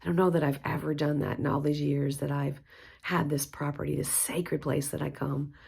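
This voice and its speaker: Low, husky woman guiding mantras. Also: little pitch movement. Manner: gentle, unhurried, encouraging. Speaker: spiritual teacher. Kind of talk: guided mantra practice.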